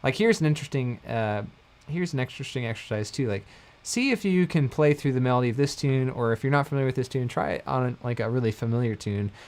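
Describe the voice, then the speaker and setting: Relaxed man teaching mandolin live. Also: mid-range voice, fast. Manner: relaxed, rambling, self-correcting with frequent "like" and "um". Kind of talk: casual livestream lesson. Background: mandolin playing between phrases.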